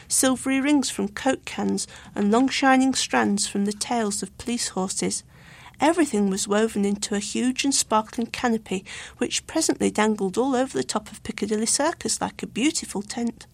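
A woman reading a children's storybook aloud with clear, expressive narration. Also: a little high, no room sound.

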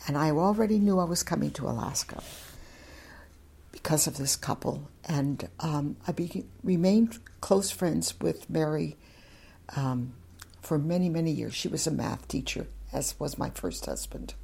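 Brief: older woman interviewee, low gravelly husky voice, chatty and outspoken, rambling stories. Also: unhurried, a little mellow. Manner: talkative, frank, wandering anecdotes. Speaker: interviewee, former German teacher. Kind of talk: oral history storytelling.

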